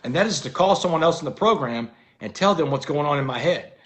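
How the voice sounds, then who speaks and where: A man's voice: a little high, lively intonation, fast talker, fairly bright tone. A man, a guest in an interview, telling a personal story earnestly and often dropping "man" into his talk. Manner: earnest, keeps saying "man".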